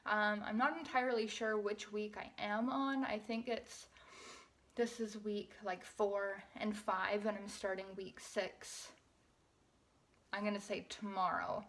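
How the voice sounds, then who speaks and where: A woman's voice: mid-range voice, flat delivery, measured pace, a bit bright. Young woman vlogger, chatty and rambling, slightly breathless. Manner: chatty, rambling, loses her train of thought. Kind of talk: casual vlog chat.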